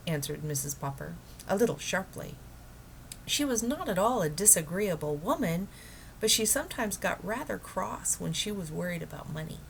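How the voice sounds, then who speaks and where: A woman reading a children's novel aloud in a calm, measured narrating voice. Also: lowish voice, vocal fry, slight background noise. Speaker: storybook reader.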